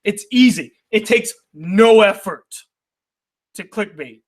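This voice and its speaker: Young male critic, high voice, heated indignant rant with rhetorical questions. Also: animated, takes it slowly. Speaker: YouTube critic reading viewer mail. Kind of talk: heated ranting commentary.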